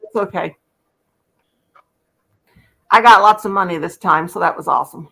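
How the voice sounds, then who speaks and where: A woman's voice: fairly low pitch, normal speed, creaky, sharp tone, poor audio. A woman hosting a casual livestream, chatty and folksy, greeting viewers by name. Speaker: livestream host.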